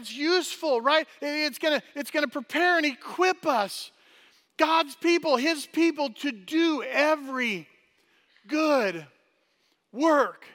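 A man preaching a sermon as pastor, energetic and chatty, often tossing "right?" at the congregation and restarting his sentences. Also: extremely high pitch. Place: church hall. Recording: long hall reverb.

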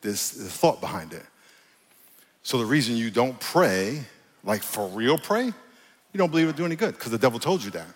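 A man preaching a sermon as pastor, emphatic and joking with the congregation in a church hall. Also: mid-range voice. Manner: emphatic, preachy, jokey with crowd.

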